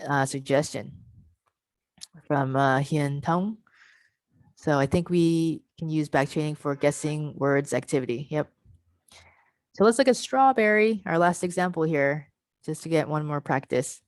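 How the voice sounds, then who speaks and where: Over a video call, a woman runs an online pronunciation workshop for teachers, explaining patiently and slowly sounding out parts of words. Her voice is deep, and there's no echo.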